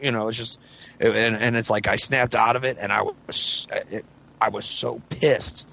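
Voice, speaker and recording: A man's voice: mid-range voice, fairly even intonation, normal speed, vocal fry, bright, forceful tone. Rambling profane storyteller man. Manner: rambling, profane, restarts often, acts out quotes. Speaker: podcast co-host. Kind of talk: casual storytelling among friends.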